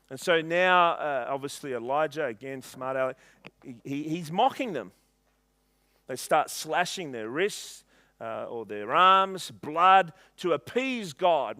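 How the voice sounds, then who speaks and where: A man preaching a sermon in church, reading scripture aloud and retelling it with animated humor. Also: a little high, dry recording. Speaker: pastor.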